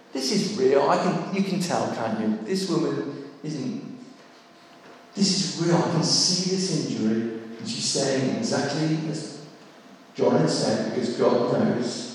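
An older man preaches to a congregation, spinning an anecdote with wry, self-mocking humour. His voice sits a little high and rings through a big, echoey hall, picked up from some way off the mic. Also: far from the mic, a little hiss or hum. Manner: lively anecdotal delivery with self-deprecating humour. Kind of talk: storytelling sermon.

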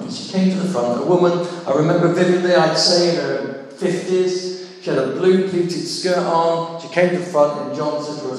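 An older man preaches to a congregation, spinning an anecdote with wry, self-mocking humour. His voice sits a little high and rings through a big, echoey hall, picked up from some way off the mic. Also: a little slow, recorded from a distance. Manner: lively anecdotal delivery with self-deprecating humour. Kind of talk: storytelling sermon.

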